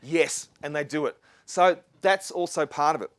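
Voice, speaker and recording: A middle-aged Australian man speaks to a live audience in an earnest, rambling way, often restarting and wandering into asides. His voice sits a little high for a man, and the sound is dry and close. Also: normal speed, dry recording. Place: lecture venue with live audience.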